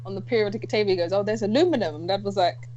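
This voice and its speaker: A woman's voice: mid-range voice, very fast, darkish tone, dull audio, a little hiss or hum. A woman co-hosting a podcast, telling stories in casual chat with lots of laughter. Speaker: podcast co-host.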